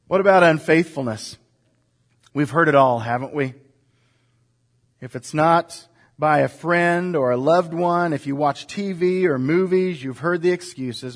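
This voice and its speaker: A man's voice: on the high side, expressive, normal speed. A man preaching a sermon, asking rhetorical questions and leading the congregation to repeat lines together. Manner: rhetorical questions, shifting from soft to emphatic. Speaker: pastor.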